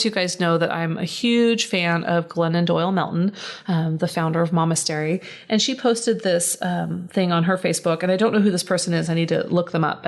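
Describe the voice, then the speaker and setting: A middle-aged woman hosting a solo podcast, speaking candidly and with feeling, often checking in with "right?". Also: fairly low pitch. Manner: candid, heartfelt, tags lines with "right?". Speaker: podcast host and psychotherapist.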